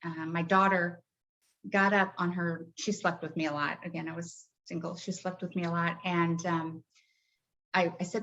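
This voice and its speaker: A middle-aged woman, a grief coach, talking in a soft, heartfelt way with many hesitations in a podcast interview. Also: lowish voice, flat delivery, moderate pace. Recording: dull lo-fi audio.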